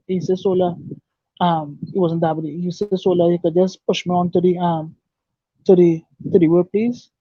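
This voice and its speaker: Man, high voice, halting and repetitive, earnest testimony, dry dull lo-fi sound. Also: dry recording. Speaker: guest telling his life story. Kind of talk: emotional personal testimony.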